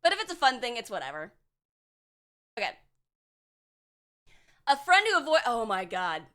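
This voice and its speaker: A woman's voice: on the high side, big pitch swings, normal speed, a bit bright. A young woman streaming as a VTuber, chatting casually and bluntly with her chat, swearing and sarcastic, full of filler words.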